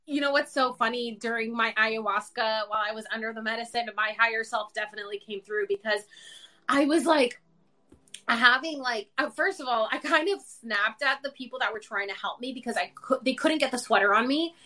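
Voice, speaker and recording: A woman with a bright, crisp, fairly high voice tells stories with energy. She acts out her own remarks in quick, lively bursts. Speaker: podcast host. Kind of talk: casual chat.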